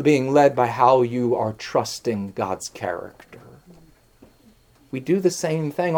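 A preacher delivering a sermon, building through strings of rhetorical questions and slowing down hard on key phrases. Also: medium pitch. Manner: swings between soft hushed lines and raised emphatic ones; slows down sharply on key phrases.

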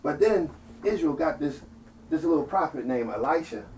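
A male preacher telling a story in a sermon, animated and playful, calling out to the congregation and building to loud peaks. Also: on the high side, normal speed. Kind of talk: storytelling sermon with call-and-response. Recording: distant mic, faint ambient noise.

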